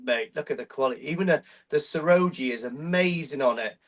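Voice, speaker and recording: A man's voice: medium pitch, brisk. A man hosting a live koi auction stream, chatty and jokey, swearing casually as he talks.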